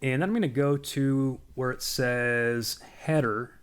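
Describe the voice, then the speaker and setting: A man giving a casual, explanatory walkthrough of a software product on screen. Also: medium pitch, measured pace, smooth. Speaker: software demo presenter.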